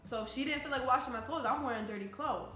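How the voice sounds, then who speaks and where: Quick-paced and high-voiced, bright and forceful, a blunt young woman from New Jersey curses her way through casual personal stories as an interviewed army soldier. The recording carries a roomy echo and faint music.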